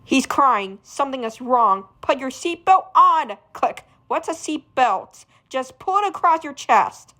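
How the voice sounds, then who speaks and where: A woman reading a graphic novel aloud, doing the characters' voices and shouting the sound effects. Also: sits high, lively intonation, unhurried, few pauses. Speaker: fan reader.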